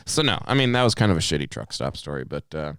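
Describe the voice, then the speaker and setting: A man's voice: fast talker, clean tone, dry recording, clean studio sound. A man in his twenties co-hosting a podcast, telling a story in casual chat, swearing freely. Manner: animated storyteller, swears freely, jumps into high voices quoting people. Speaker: podcast co-host.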